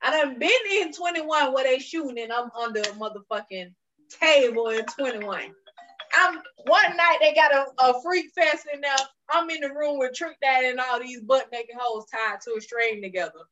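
Blunt, high-voiced woman laying down advice. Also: normal speed, fairly bright tone, highs cut off. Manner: blunt, emphatic, heavy cursing, preachy advice. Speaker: podcast co-host. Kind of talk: casual podcast chat.

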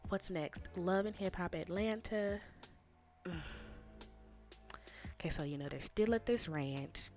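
A woman's voice: fairly low pitch, slow, pauses often, soft background music. Sassy woman recapping reality TV. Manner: sassy, animated, talks straight to the viewers. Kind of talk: casual opinionated commentary.

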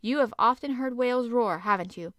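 A woman reading the lines of a cautious, formal male frigate commander in an audiobook, in a measured, grave way. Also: fairly high pitch, fairly bright tone, no echo, clean studio sound, close to an everyday voice. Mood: questioning.

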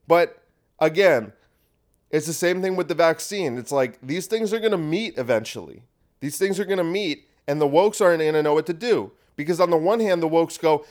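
Man, podcast host, slightly high voice, crude, sarcastic, rambling monologue. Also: animated, moderate pace. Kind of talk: casual monologue.

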